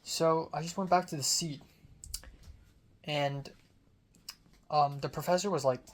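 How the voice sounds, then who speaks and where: A young adult film student talks through a story in a loose, casual monologue. The delivery rambles, packed with "like" fillers and offhand swearing, at a middling pitch. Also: fairly even intonation, a little slow.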